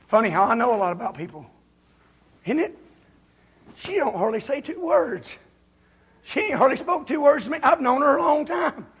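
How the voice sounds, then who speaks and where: A man preaching a folksy, confrontational revival sermon as a visiting preacher in a church, building up to shouting. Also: very high voice, animated, moderate pace, long pauses. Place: church during a revival service.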